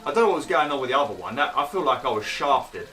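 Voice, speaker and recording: A man's voice: big pitch swings, fast talker, pushed and bright, soft background music. A young man commentating on his own gameplay in a chatty way, swearing and yelping when frustrated. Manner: bursts into high exclaims when annoyed. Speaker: gaming YouTuber. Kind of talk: Let's Play commentary.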